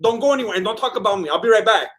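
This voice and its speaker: A man hosting a live fight watch-along, chatting casually to his chat, laughing often and retelling moments in quick quoted voices. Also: high-pitched, expressive, a bit bright.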